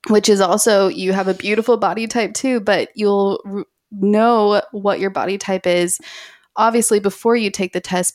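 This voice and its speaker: A woman hosting a podcast, asking long, effusive, rambling questions. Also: lowish voice. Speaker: podcast host. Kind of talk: casual podcast interview.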